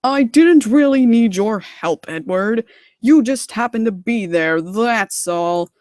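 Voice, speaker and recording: A woman's voice: on the high side, expressive, slow pace, a little mellow, dry recording, studio quality. Woman doing a pompous boastful engine. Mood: haughty. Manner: pompous, haughty. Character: boastful proud male steam engine.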